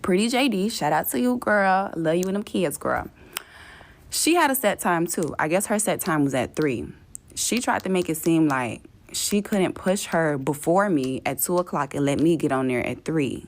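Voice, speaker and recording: A woman's voice: fairly low pitch, animated. A woman telling a travel story as a casual, exasperated rant, cursing freely and mimicking the people she dealt with. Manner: profane, exasperated, mimics others in quick asides.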